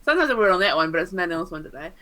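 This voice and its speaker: A woman's voice: fairly low pitch, big pitch swings, very fast, sharp tone, rough recording. A woman playing a tabletop game, hesitant with many ums and giggly. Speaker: player. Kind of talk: tabletop role-play chat.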